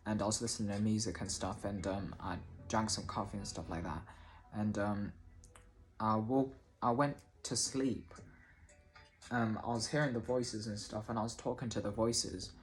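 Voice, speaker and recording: A man's voice: lowish voice, steady tone, normal speed, faint music behind. Hesitant man telling a personal story. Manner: hesitant, many restarts and fillers, casual swearing. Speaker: vlogger.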